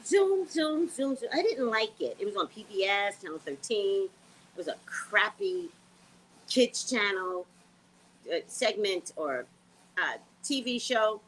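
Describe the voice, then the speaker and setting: A woman's voice: mid-range voice, unhurried, slight background noise. A woman psychic hosting her own vlog, rambling bluntly and casually. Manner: animated, blunt, sings and repeats phrases.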